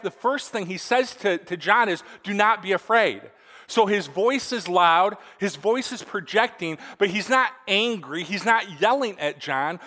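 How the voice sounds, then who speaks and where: Young male preacher, high voice, earnest conversational sermon, frequent check-in asides, long hall reverb. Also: pushed and bright. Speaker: pastor.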